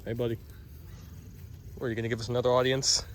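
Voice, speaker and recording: With a flat delivery and fast pace, a mid-range male vlogger chats as he walks an outdoor farm or petting zoo, filming by hand and teasing the animals. There's slight background noise.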